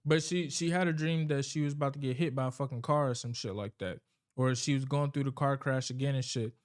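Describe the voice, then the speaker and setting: A man's voice: mid-range voice, steady tone, a little fast. Rambling, cussing man recapping a movie. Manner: rambling, profane, loose storytelling.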